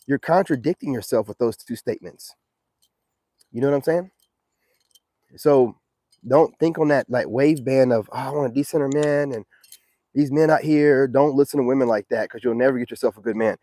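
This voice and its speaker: A man's voice: mid-range voice, warm tone, no echo. A man hosting a casual livestream, giving streetwise dating advice in a preachy manner and reacting to viewer comments.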